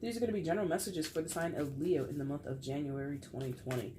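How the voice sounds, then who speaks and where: A woman's voice: deep voice, fast talker, noisy background. A woman giving a casual tarot reading to camera, chatty and playful with frequent laughter, while getting over a cold. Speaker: tarot reader.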